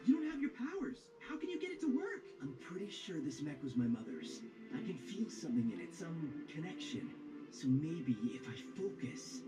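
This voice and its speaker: A man voicing an earnest young male ninja hero in an animated series, speaking softly and with focus. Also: a little high, normal speed, music in the background, poor audio. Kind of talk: cartoon voice acting.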